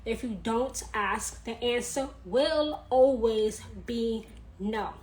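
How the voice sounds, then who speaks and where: A woman in her thirties talking earnestly in a personal vlog, repeating her points and laughing softly now and then. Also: fairly high pitch, a little hiss or hum, rough recording. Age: 30s. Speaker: vlogger.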